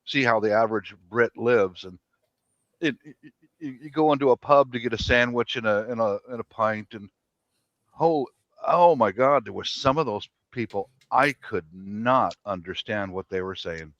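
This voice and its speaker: A man's voice: lowish voice, normal speed, a bit bright, no room sound. A man telling a story on a podcast, stumbling over repeated words, heard over a dull lo-fi line.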